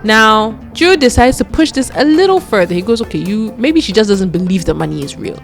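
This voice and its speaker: A woman's voice: lively intonation, fairly quick, vocal fry, faint music behind. Chatty woman telling a story. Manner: chatty, acts out quoted lines in a lower voice. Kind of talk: casual story narration.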